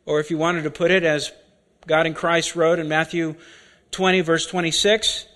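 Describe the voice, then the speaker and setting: A man preaching a sermon, deliberate and repeating key words for emphasis. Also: fairly high pitch, flat delivery, a bit bright.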